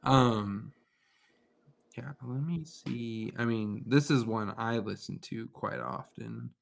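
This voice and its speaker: A man's voice: mid-range voice, slow, vocal fry. A man co-hosting a casual chat, joking, laughing often and swearing. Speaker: podcast co-host. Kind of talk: casual chat while playing music.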